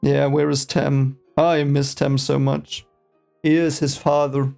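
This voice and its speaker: A man's voice: mid-range voice, flat delivery, measured pace, gravelly, darkish tone, faint music behind. A man whose first language is German, casually reading a book aloud for the first time and reacting with rambling, hesitant, exasperated asides.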